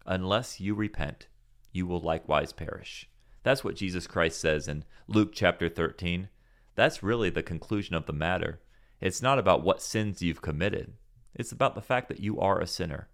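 A man's voice: deep voice, animated, moderate pace, creaky, a bit bright. A man teaching a Bible passage on a podcast in an earnest, preaching manner, asking rhetorical questions and answering them.

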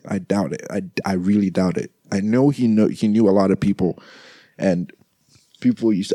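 A young man talks to his listeners in a slow, halting way, stumbling over and repeating words. His voice sits very low and mellow. The sound is dry, with no room around it. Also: no room sound. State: grieving, subdued. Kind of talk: grieving personal monologue.

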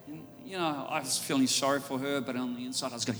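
An Australian man preaching a sermon, telling stories and building up to loud, fervent preaching. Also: fairly high pitch, fairly quick, few pauses. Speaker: pastor. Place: church auditorium. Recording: church hall reverb with faint music.

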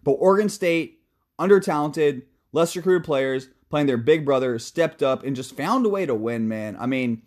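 A man's voice: a little high, lively intonation, normal speed, darkish tone. A young man hosting a casual sports talk show, ranting heatedly about football, swearing freely and then talking himself back down. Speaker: sports podcast host. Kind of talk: casual sports commentary rant.

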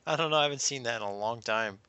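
A man's voice: mid-range voice, quick pace, bright, forceful tone, clean tone, no room sound. A man teasing and laughing in a casual podcast chat with friends. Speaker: podcast co-host.

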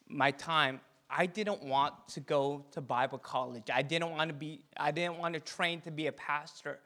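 A man's voice: a little high, a bit bright. A young man preaching to a youth group in a playful style, quizzing listeners by name and telling his own story. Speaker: youth pastor.

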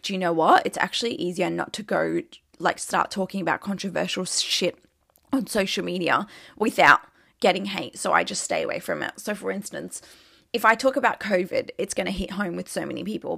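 A young Australian woman speaking in a relaxed, candid way, her voice carrying a gravelly fry. She talks like a social media creator, dropping "like" constantly and swearing without a second thought. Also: mid-range voice, no echo, clean studio sound. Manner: chatty, peppered with "like", swears casually. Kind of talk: casual candid chat.

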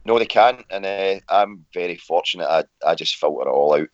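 A man's voice: low voice, lively intonation, brisk, lo-fi sound. A man, congested with a cold, co-hosting a podcast in a blunt, sardonic way. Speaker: podcast co-host.

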